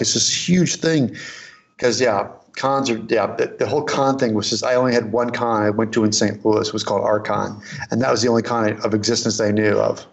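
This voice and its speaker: A man's voice: medium pitch, vocal fry. A middle-aged man tells a story in a loose, rambling way, often doubling back and quoting what others said. The recording sounds slightly muffled and lo-fi. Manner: rambling, anecdotal, frequent restarts and quoted dialogue. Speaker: guest, costume and prop maker. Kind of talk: casual interview storytelling.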